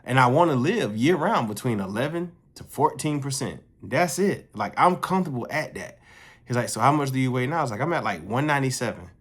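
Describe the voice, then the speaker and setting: Animated, profane storytelling man. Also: fairly quick, husky. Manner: animated, profane, jumps his pitch up when quoting others. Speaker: vlogger telling a story. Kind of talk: casual storytelling monologue.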